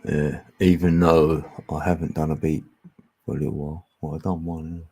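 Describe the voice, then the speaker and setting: A man's voice: a bass voice, level tone, moderate pace, warm tone, husky. A man with a Cockney accent from East London, chatting casually on a livestream, reading chat and chuckling. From England. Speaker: livestream host.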